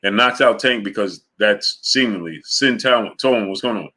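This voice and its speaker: A man running a live boxing talk stream with a bright, forceful voice. He keeps greeting viewers by name between points and pushes his pitch up when he argues a case. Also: normal speed. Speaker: boxing talk show host. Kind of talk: live-stream chat reading super chats.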